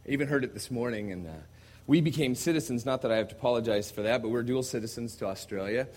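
An American man, a visiting missionary, preaching a sermon to a congregation in a conversational storytelling way, moving from quiet asides to loud emphatic passages. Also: mid-range voice, fast. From United States. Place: church service before a congregation.

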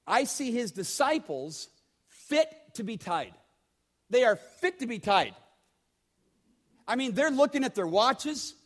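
A pastor with a high-pitched voice preaching to his congregation. His delivery is conversational, with repeated words and direct questions to the listeners. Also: big pitch swings, takes it slowly, long pauses. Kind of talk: sermon.

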